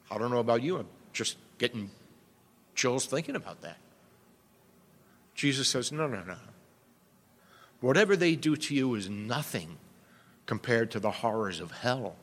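A pastor delivers his sermon in an earnest, emphatic way, often turning to rhetorical questions. His voice sits at an ordinary middle pitch for a man. The recording carries the long reverb of a church hall. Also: very animated, a little slow, long pauses, a bit bright. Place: church sanctuary.

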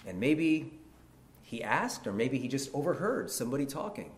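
A man preaching a sermon, telling a story with lively energy and calling his listeners brethren. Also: medium pitch, moderate pace, reverberant, a little hiss or hum.

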